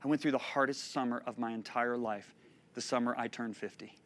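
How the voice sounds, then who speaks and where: A man in his fifties preaching a sermon, telling stories with animated delivery and frequent laughter. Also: medium pitch, brisk. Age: 50s. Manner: animated storytelling, laughing between points.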